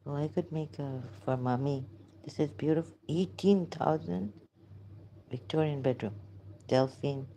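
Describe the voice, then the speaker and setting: Slow, halting woman with a low, dark voice. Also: a little hiss or hum, poor audio. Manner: halting, searching, many pauses and restarts; emotional, voice dropping at times. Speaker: vlogger. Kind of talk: hesitant reflective monologue.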